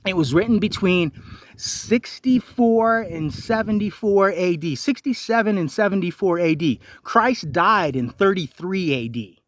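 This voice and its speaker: A man's voice: sits high, animated, unhurried, a bit bright, no echo. A man delivering an angry, profane ranting monologue, confronting the listener with repeated rhetorical questions. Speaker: vlogger.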